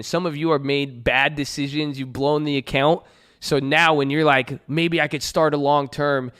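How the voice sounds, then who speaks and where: A man's voice: a little high, clear, resonant tone. A man hosting a trading group, reading a parable aloud and then riffing on it in a loose, slangy motivational talk. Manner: reads a parable then riffs on it with slang and loud jokes.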